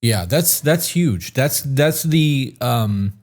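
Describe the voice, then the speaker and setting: A man's voice: medium pitch, lively intonation, slow, darkish tone. Rambling, profane man co-host. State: short on sleep. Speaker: podcast co-host. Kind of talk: casual chat.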